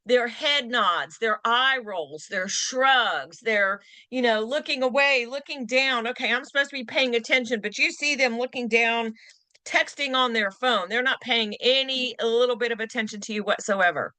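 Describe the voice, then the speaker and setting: A woman's voice: on the high side, moderate pace, bright, forceful tone, dry recording. A woman giving a real estate training class in a conversational, emphatic way, repeating phrases for stress. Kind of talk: continuing education class talk.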